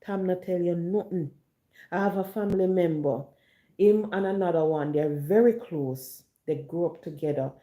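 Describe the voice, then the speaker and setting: A woman's voice: fairly low pitch, normal speed, dark tone. A woman with a Jamaican accent chatting to viewers, telling stories and mixing patois with standard English. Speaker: online chat host. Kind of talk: casual monologue to viewers. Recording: roomy echo.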